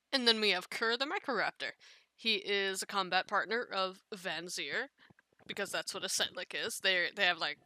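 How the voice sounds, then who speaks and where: A woman's voice: medium pitch, sharp tone, clear, resonant tone, dry recording. A woman walking through the characters of a fan comic dub in a casual casting call, chatty and loose, with small restarts.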